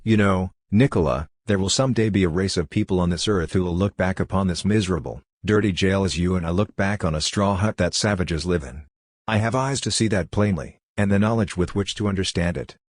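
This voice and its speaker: A man reading aloud as a steady condemned prisoner, very deep-voiced and even, reassuring his friend. The recording is dry and close, with no room sound. The delivery is earnest and unhurried, as in a spoken novel. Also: dry recording. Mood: calm reassurance. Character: calm, steady man imprisoned and awaiting execution.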